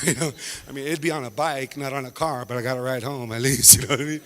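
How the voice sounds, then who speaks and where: A man doing a stand-up comedy set, animated and laughing as he acts out voices. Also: medium pitch, quick pace, in a large hall.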